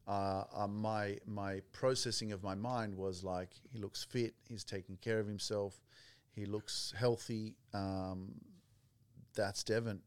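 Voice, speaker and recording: A man's voice: fairly low pitch, steady tone, takes it slowly, clear, resonant tone, dry recording. A man hosting a casual podcast interview, speaking earnestly and addressing listeners directly. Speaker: podcast host.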